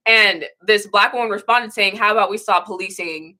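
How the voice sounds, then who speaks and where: A woman's voice: mid-range voice, moderate pace, pushed and bright. A young woman hosting a casual livestream, talking candidly and emotionally, with frequent swearing and rambling restarts. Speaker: livestream host.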